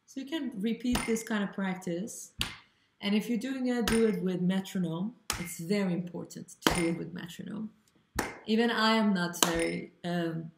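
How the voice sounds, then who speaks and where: A woman teaching an online rhythm lesson, chanting rhythm syllables and explaining in a relaxed, halting way. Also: on the low side, gravelly. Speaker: vocal workshop teacher. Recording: echoey room with loud background noise.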